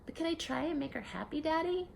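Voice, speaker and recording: A woman voicing a lonely, sulky young girl in a high, pleading voice for a storybook reading. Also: lively intonation, fast, creaky, a little hiss or hum, heavily acted.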